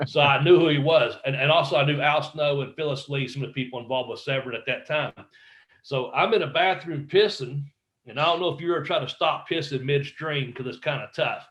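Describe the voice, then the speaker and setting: Animated, slightly high-voiced wrestler telling stories. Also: male voice, a little fast, low-quality recording. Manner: animated storyteller, acts out quotes, swears freely, laughs often. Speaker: former pro wrestler, interview guest. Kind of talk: casual storytelling interview.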